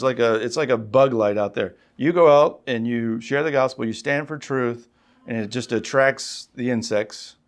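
A man preaching in a conversational, storytelling way, rising in pitch when he reads scripture. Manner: conversational, tells stories, rises when reading scripture. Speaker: pastor. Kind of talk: sermon.

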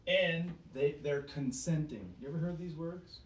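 A man with a fairly high voice preaches unhurriedly and with emphatic force to a small group, firing off rhetorical questions and doubling back on his words. He sits back from the mic in a roomy space, so the distant recording carries a hollow ring.

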